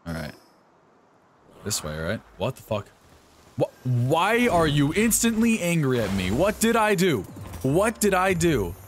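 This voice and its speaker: A young man giving live gameplay commentary, excitable and often yelping and swearing at enemies. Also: a little high, a little slow, slight background noise. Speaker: streamer.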